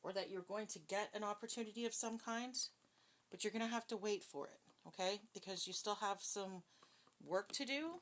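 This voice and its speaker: A woman's voice: mid-range voice, a bit bright. A woman doing a casual spiritual card reading, chatty and self-deprecating, checking in with her viewers. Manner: chatty, self-deprecating, talks straight to viewers with frequent "okay?". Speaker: tarot card reader.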